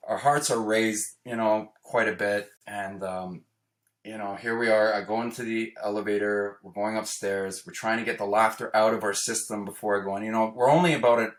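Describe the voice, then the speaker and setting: A man from Toronto telling a personal story in a casual, animated way. He acts out the quoted lines and tags his sentences with "right?". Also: fairly low pitch, moderate pace. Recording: roomy echo.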